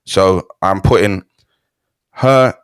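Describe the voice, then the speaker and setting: Man co-host, very deep and dry, hesitant but steady in his film opinions. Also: clear, resonant tone, dry recording. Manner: hesitant, repeats words, calm and measured. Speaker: podcast co-host. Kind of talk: casual film review chat.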